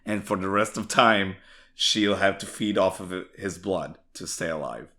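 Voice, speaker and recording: Man, very low voice, podcast co-host, casual chat, enthusiastic, swears, lots of fillers. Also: moderate pace, sharp tone. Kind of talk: casual anime discussion.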